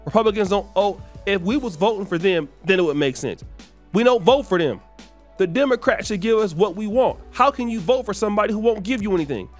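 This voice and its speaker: High-pitched man ranting in heated commentary. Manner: heated, ranting, repetitive emphasis. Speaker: commentary channel host. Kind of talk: opinion commentary monologue.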